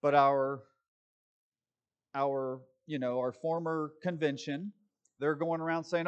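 A man's voice: fairly high pitch, steady tone, takes it slowly, pauses often, clean tone, lo-fi sound. A man, a pastor, giving casual commentary with impassioned, sarcastic asides.

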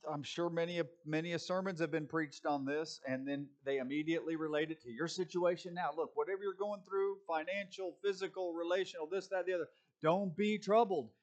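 Slow, chatty man preaching a sermon. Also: a little high. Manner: folksy, chatty, with frequent fillers and restarts. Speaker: pastor. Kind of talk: conversational sermon.

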